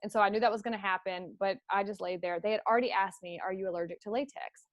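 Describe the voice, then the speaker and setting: A woman's voice: mid-range voice, steady tone, fast talker, no room sound, clean studio sound. A middle-aged woman hosting a conversational interview, telling a personal story in an open, emotional way. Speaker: host.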